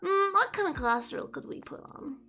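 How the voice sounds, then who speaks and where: Giggly, playful female streamer with French as her native tongue, very high and lively, runs a casual lesson. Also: brisk. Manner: giggly, playful, easily distracted.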